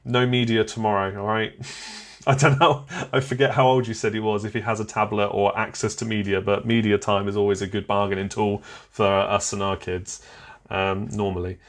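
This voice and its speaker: A man's voice: fairly low pitch, little pitch movement, fairly quick. A man hosting a live online quiz, chatting, reading out scores and viewers' comments and laughing often. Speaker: quiz host.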